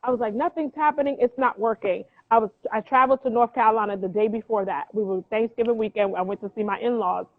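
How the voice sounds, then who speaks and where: Brief: high-voiced woman, animated guest storyteller, tinny phone-line audio. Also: fast talker, hardly any pauses. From New Jersey. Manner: lively, acts out quoted voices, motivational. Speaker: guest, clothing brand founder.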